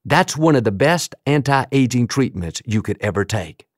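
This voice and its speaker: A man delivers a sermon in an emphatic, rhythmic cadence, lingering slowly on repeated phrases. His voice sits at an ordinary middle pitch. The sound is dry and close, with no room echo. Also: animated. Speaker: pastor.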